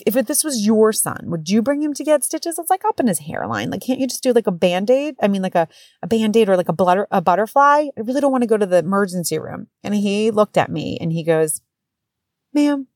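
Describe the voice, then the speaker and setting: A woman in her thirties hosts her own podcast and tells a family story in a candid, lively way. She swears freely and acts out what others said. Her voice sits at a middle pitch and sounds close and dry, with no room around it. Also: no echo. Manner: candid, swears, animated retelling with quoted voices. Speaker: podcast host. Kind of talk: casual storytelling monologue.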